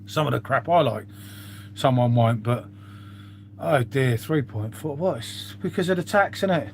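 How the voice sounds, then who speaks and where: A man's voice: mid-range voice, expressive, moderate pace, slight background noise. A middle-aged man, chatting casually to viewers on his live stream, swearing freely and calling them mate.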